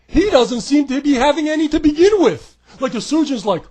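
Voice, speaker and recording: High-pitched guy doing a snarky profane rant, yells a lot. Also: lively intonation, fairly quick. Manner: sarcastic, profane and mocking; often breaks into shouting. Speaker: wrestling commentary vlogger. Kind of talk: comedic rant.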